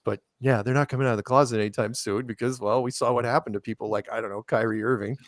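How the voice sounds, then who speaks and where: A man's voice: mid-range voice, fairly even intonation, fast talker, dry recording, studio quality. A man as a podcast guest, telling stories casually, with many restarts and asides, acting out quoted people in raised voices. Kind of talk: casual conversational storytelling.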